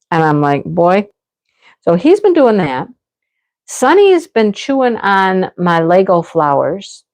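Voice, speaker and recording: A woman's voice: lowish voice, darkish tone. A woman hosting a casual live stream from home, chatting and telling stories with frequent laughs. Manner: chatty, laughs often, rambling storytelling. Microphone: camera on tripod.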